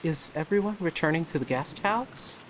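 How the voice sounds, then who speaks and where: A man's voice: fairly high pitch, lively intonation, moderate pace, a little hiss or hum. A man co-hosting a let's play of a visual novel. He reads characters' lines aloud and jokes casually with his co-host. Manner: joking banter, delivers character lines in a plain reading voice. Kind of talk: casual playthrough chat, reading character lines.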